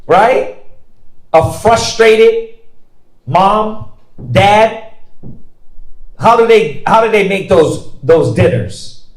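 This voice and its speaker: A man's voice: sits high, expressive, extremely slow, long pauses. A man leading a bible study discussion, firing off rhetorical questions and call-and-response prompts in a colloquial way. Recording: roomy echo.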